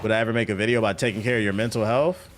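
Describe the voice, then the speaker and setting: A man's voice: on the low side, steady tone, very fast, slight background noise. Joking, profane male streamer. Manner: joking, profane, rambling riffs. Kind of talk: casual chat while gaming.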